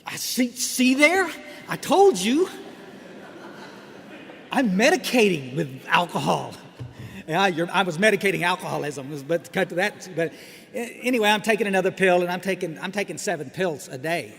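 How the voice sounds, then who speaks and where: Wry middle-aged man in an echoey hall. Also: fairly high pitch. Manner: wry and joking, with frequent restarts and asides to the crowd. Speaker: speaker at a recovery meeting. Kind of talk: humorous personal talk to an audience. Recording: echoey hall with faint background noise.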